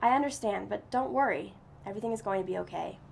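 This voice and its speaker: A calm, resigned man who works at an animal shelter and talks in a reassuring way, as a woman reading the story puts him on. The voice carries a slight gravelly texture. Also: medium pitch, quick pace, slight background noise.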